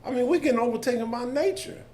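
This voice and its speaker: A man, speaking on a discussion panel in an animated, colloquial storytelling way that jumps into the voices of the people in his stories. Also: very high-pitched, fast, a little hiss or hum. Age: 70s.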